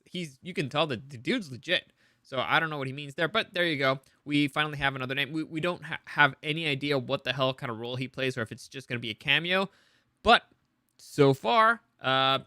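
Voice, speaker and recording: Male news-chat host, slightly higher voice, crisp and clear, loose rambling delivery. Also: bright, forceful tone, dry recording, clean studio sound. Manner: rambling, many restarts and opinionated asides. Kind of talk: casual news commentary.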